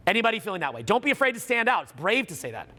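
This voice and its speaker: High, bright, lively man giving a seminar talk. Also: racing. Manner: energetic, preachy, acts out voices, shouts for emphasis. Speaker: seminar speaker. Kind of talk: live motivational talk to a room.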